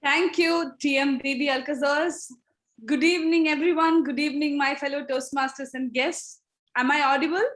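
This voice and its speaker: A woman chairing an online contest meeting over a video call, opening it with a lively story. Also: high-pitched, normal speed, poor audio.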